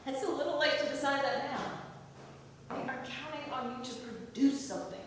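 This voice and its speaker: A woman acting a teasing, sharp-tongued wife who speaks in a dry, matter-of-fact way, performed on a theatre stage. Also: high-pitched, moderate pace, background noise, lightly acted. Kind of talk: amateur stage comedy acting. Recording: echoey hall, from far off.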